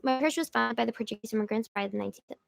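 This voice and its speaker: A woman's voice: a little high, very fast, gravelly, no echo, soft background music. A young woman hosting a casual livestream, chatting and rambling with jokey asides as she reads viewer comments. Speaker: livestream host.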